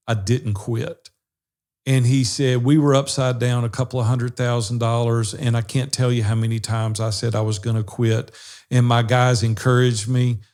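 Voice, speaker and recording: A man, co-hosting a podcast and telling stories in a folksy, casual way. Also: mid-range voice. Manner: warm folksy storyteller, says y'all and fixing to. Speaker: co-host of a business brotherhood podcast. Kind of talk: casual storytelling chat.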